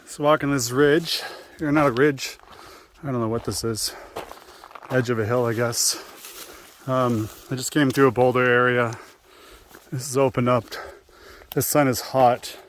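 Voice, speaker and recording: A man's voice: mid-range voice, steady tone, unhurried, pauses often, a little hiss or hum. A man in his thirties, a solo hiker, chatting casually with ums and uhs as he walks a mountain trail outdoors, speaking into a handheld camera. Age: 30s. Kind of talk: casual outdoor vlog narration.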